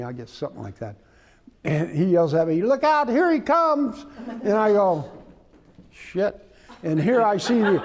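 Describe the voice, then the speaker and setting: Indoors, in a room where his trophy rug hangs on the wall, a man casually recounts a hunting story, rambling and halting and often starting over. His voice is mellow and a little high.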